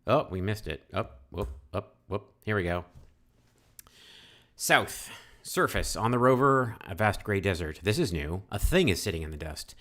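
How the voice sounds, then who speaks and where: Deep-voiced man playing a text game. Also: expressive, normal speed, fairly bright tone. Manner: chatty, musing, many fillers and restarts. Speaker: let's-play host. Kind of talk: casual game playthrough, reading text aloud.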